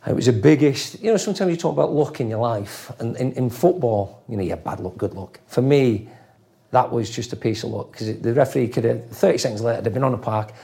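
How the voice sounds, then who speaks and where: A middle-aged former footballer from England, raised in Leeds, tells football stories as a guest in a casual interview. His medium-pitched voice is quick, gravelly and dark, and he acts out voices and swears freely.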